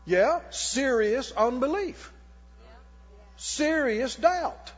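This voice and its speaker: A male pastor preaching a sermon in a church, animated, with mock laughter and shouts. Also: very high-pitched, drawn-out words, husky, big-room sound, dull audio.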